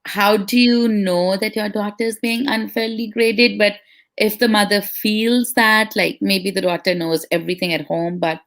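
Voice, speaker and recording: A woman co-hosts a live online Q&A, reading out questions from viewers. She then thinks them through aloud in a plain, even voice. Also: mid-range voice, normal speed. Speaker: co-host reading audience questions.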